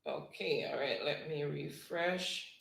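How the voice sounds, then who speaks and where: A woman hosts a livestream, reading out viewers' chat messages and calling spelling words slowly, word by word. Her delivery is unhurried and steady. The sound is roomy, with a noticeable echo around her voice. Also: deep voice, gravelly. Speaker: livestream host. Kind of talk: reading live chat and hosting a spelling game.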